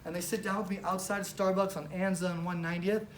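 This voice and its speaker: A woman giving an animated, casual storytelling talk with lots of fillers, speaking as a presenter at a business training. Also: fairly low pitch, fast talker. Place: event room with a live audience. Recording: roomy, distant mic, faint background noise.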